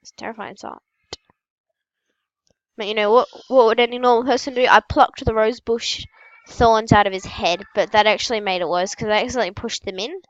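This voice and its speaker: A female gaming host telling absurd, made-up stories in a casual, matter-of-fact, deadpan way while opening packs. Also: a little high, brisk, no echo, dull audio.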